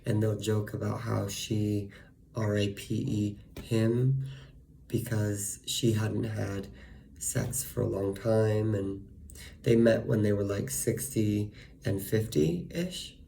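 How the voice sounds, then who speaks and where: A man's voice: fairly low pitch, steady tone, slow, vocal fry, mellow, slight background noise. A man venting in a casual monologue, profane and ranting, full of fillers. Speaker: vlogger.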